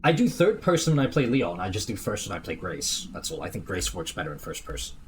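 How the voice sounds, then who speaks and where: Male streamer, American accent with British slips; casual chatter and lively pitch. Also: fast, a little hiss or hum. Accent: American, slipping toward British. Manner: casual, reads chat and in-game documents aloud. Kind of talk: casual gameplay livestream chat.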